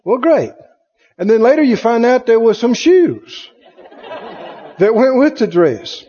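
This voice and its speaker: Preaching in a church sanctuary, this pastor's extremely high, mellow voice swings widely in pitch at a slightly slow pace as he tells folksy stories, laughs, and acts out the people he quotes. The congregation answers amen over slight background noise, and the lo-fi recording is dull with long reverb.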